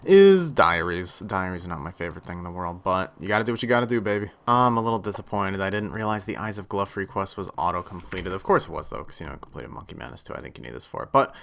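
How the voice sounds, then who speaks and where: A young man casually commenting on his own gameplay, chatty, dropping into low mutters and then bursting out excitedly. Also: quick pace, vocal fry, hardly any pauses. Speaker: gaming channel host.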